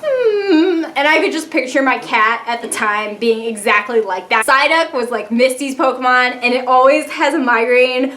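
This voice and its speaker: A woman's voice: a little high, a bit bright. A young woman chatting casually in a vlog, bubbly and gushing, full of "like" asides and little acted-out reactions. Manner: acts out childhood reactions in quoted mini-voices. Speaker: YouTuber.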